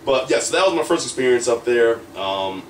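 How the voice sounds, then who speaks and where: An American man, a young adult pro wrestler, telling candid stories in an interview, animated, laughing often and restarting his sentences. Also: mid-range voice, brisk, a little hiss or hum. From United States. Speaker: professional wrestler, guest. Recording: roomy echo, mic at a distance, faint ambience.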